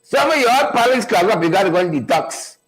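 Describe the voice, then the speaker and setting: Brisk and lively in intonation, a high-voiced man greets his live-stream viewers by name and keeps the hype going with repeated phrases. Poor audio throughout.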